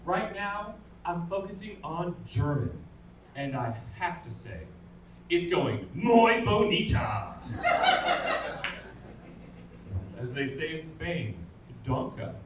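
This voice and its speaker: A man's voice: on the high side, wildly swooping pitch, slow, pauses often, noisy background. A man, doing a stand-up comedy set with dry, self-deprecating punchlines. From England. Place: comedy club stage. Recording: roomy club sound from a distance. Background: audience laughter.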